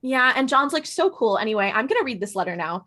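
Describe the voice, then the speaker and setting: A woman with a fairly high voice co-hosts a casual podcast. She recaps a TV episode in an animated way and slips into the characters' lines as she goes. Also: fast talker. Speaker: podcast co-host.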